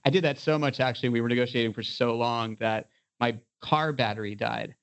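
A man in the guest seat tells an animated, casual story about his business, with a mid-range voice. He fills his sentences with "you know" and jumps back into the thread quickly. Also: medium pitch. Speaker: entrepreneur guest.

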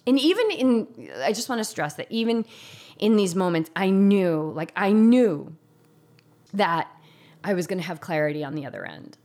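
A woman's voice: mid-range voice, animated, normal speed, darkish tone. A woman telling a painful personal story in an intense, confessional way, saying "like" often. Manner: intense, confessional, heavy use of "like".

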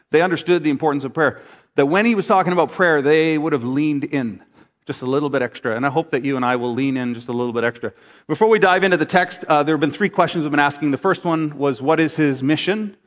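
A middle-aged male pastor gives a casual, conversational sermon, slipping into voices to act out examples. His voice sits a little high. The sound is slightly dull and rings with the long reverb of a large hall. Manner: conversational preaching with acted asides.

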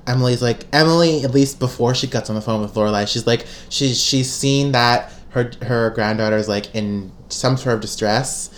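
A woman's voice: a bass voice, moderate pace, hardly any pauses. A woman co-hosting a podcast in casual chat, talking in loose restarts with many fillers and frequent laughs. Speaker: podcast co-host. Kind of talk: casual chat recapping a TV episode.

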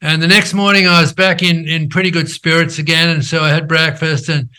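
An older man and company founder, telling his story in an animated, conversational way, checking in with "right?" as he goes. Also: a little high, brisk. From Australia. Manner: animated storyteller who acts out quoted dialogue, frequent "right?" tags.

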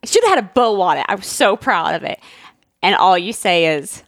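A woman's voice: lowish voice, brisk, no echo, clean studio sound. A woman telling a story in casual chat, acting out quoted voices with lots of filler words. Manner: animated, acts out quoted voices; frequent "like" fillers. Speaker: storyteller with her husband.

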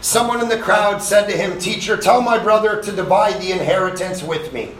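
A pastor with a high-pitched voice speaks fairly quickly at a summer camp session, reading scripture aloud and hammering his points with growing volume and animated force. He slips into casual asides aimed at his young listeners. The rough recording has a roomy sound and slight background noise.

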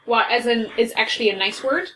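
German-accented woman, brisk replies. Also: fairly high pitch, a bit bright, a little hiss or hum. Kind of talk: casual group chat.

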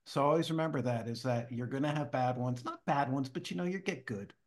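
A man, a guest on an interview show, telling a story in a casual, animated way and acting out the voices of the people in it. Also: mid-range voice, brisk. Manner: animated, acts out quoted dialogue. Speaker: guest speaker.

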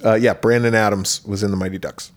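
A man's voice: on the low side, fairly even intonation, fast talker. A man in his forties co-hosting a casual movie review podcast, reading out cast lists, swearing freely and laughing with his co-host. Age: 40s.

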